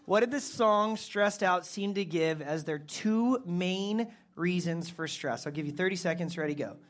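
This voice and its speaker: A man with a notably high speaking voice, working as a youth pastor who keeps things loose and chatty. He throws questions to the group and answers them in an easy, conversational way. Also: measured pace. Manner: relaxed, conversational, quizzes listeners. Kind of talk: casual talk to a youth group.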